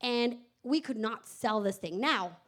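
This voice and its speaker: A woman founder telling her own story on stage in a candid, animated way, swearing and laughing as she goes. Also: fairly high pitch, a little slow. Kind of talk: live stage storytelling talk. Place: event stage before an audience.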